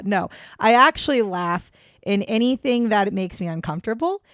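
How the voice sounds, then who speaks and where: A woman's voice: mid-range voice, expressive, normal speed, fairly bright tone, no room sound, clean studio sound. A woman co-hosting a casual true-crime podcast, rambling and self-deprecating, breaking into giggles as she talks. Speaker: podcast co-host.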